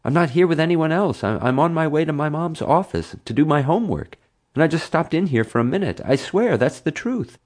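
A man's voice: a little high, lively intonation, brisk, a little mellow, pitched above the performer's own voice. A man voicing a cheeky teenage boy who plays innocent and talks his way out of trouble. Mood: persuasive. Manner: innocent-sounding, sassy.

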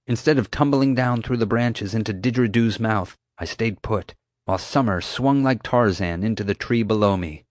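Low-voiced man narrating a storybook. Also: no echo, clean studio sound. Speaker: audiobook narrator. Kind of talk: first-person storybook narration.

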